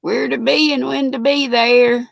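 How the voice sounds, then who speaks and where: An older North Carolina woman with a Southern accent runs a live stream where she laughs, chats folksily, and reads viewers' comments. She speaks at a measured pace in a high, steady, creaky voice, captured on a dry recording.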